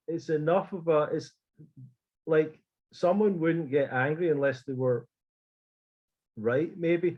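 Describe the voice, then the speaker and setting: A man's voice: on the high side, lo-fi sound. A man telling a story in casual chat, acting out quotes and swearing freely. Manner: animated, swearing, acts out quotes. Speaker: podcast guest.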